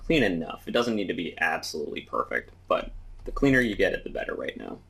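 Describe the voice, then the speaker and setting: Deep gravelly man explaining a tutorial. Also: quick pace. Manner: relaxed step-by-step explaining while working. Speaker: 3D modeling instructor. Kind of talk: screen-recorded software tutorial.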